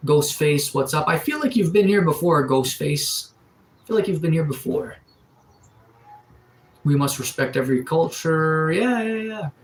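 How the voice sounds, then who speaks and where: A man's voice: on the high side, normal speed, long pauses, rough recording. Man streaming with a cold. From Atlantic Canada. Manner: reads out and answers chat comments. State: has a cold. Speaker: livestreamer. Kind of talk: casual live-chat stream. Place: sunroom.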